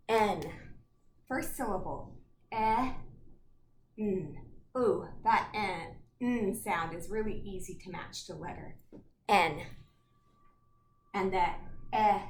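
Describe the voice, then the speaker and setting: A woman teaching a children's phonics lesson, slowly breaking words into single sounds and matching them to letters. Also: medium pitch. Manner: slow, segments words into sounds. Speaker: storytime teacher. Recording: echoey room, faint noise.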